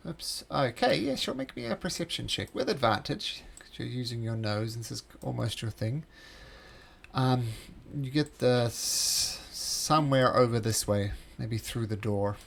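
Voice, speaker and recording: A man's voice: medium pitch, lively intonation, measured pace, vocal fry. A man acting as game master, narrating a tabletop game in a loose, rambling way.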